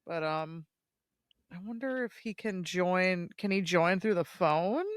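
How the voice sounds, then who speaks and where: A woman's voice: fairly low pitch, measured pace, clear, resonant tone, no echo. A woman hosting a podcast over a video call, chatting casually and giggling often.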